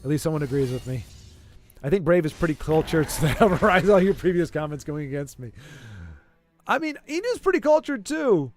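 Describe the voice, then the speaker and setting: Rambling streamer, fairly high voice. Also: male voice, very animated, brisk, darkish tone, soft background music. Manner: rambling, playfully argumentative, many restarts. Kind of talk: casual chat with a livestream audience.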